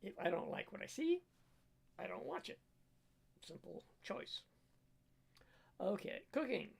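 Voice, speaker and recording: A middle-aged man talks casually on a livestream from his home kitchen. His voice is gravelly and a bit husky, and he rambles with lots of stops and restarts while stating firm opinions. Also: high voice, very animated. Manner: rambling, halting, firmly opinionated. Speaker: cook and livestreamer.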